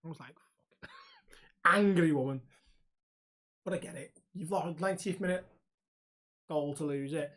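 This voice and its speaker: A man's voice: on the high side, a little slow, long pauses. Laughing man telling stories. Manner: animated storyteller, laughs often, swears freely. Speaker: podcast co-host. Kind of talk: casual chat.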